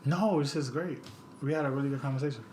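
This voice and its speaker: A man with a New York accent, hosting a casual group podcast in a loud, slangy, laughing way. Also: mid-range voice, fast, a little hiss or hum. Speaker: podcast host.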